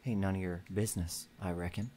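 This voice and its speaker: Low-voiced man running a western game. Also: fairly even intonation, fairly quick, warm tone. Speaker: game master. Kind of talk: narrating a tabletop western game.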